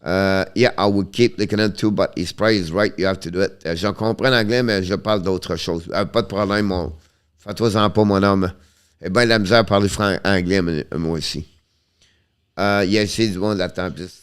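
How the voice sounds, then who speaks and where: Low-pitched and steady, his voice is clear and resonant. He hosts a casual hockey live stream with a Quebec French accent, fielding viewer questions in a halting manner, restarting sentences often, and switching between French and English.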